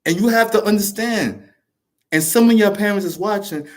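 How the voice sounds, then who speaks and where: A man's voice: high-pitched, moderate pace. A man talking straight to camera in a passionate, rambling way, swearing often and restarting his sentences. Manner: restarts and repeats words. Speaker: show host. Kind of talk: casual monologue to camera.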